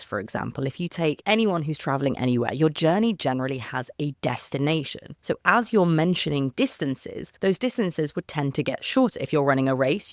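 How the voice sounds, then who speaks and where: A woman co-hosting a poetry podcast, discussing a poem in a thoughtful, expressive, enthusiastic way. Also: low voice, no room sound, clean studio sound. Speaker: podcast co-host. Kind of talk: conversational poetry analysis.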